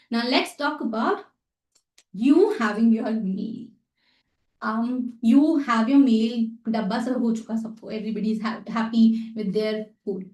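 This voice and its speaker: A woman with an Indian English accent teaches table etiquette in a fairly high voice. She explains each step patiently and repeats short phrases as she shows them. Her voice sounds distant in a reverberant room. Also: darkish tone. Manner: instructive, repeats phrases while demonstrating. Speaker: etiquette trainer. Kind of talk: workshop lesson with demonstrations. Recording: echoey room, mic at a distance.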